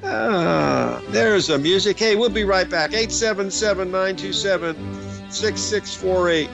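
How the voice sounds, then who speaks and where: A man's voice: high-pitched, measured pace, gravelly, loud music behind the voice. An older man hosting a market radio show, rambling through trading anecdotes with plenty of fillers. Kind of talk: casual storytelling on a market show. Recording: dull lo-fi broadcast audio.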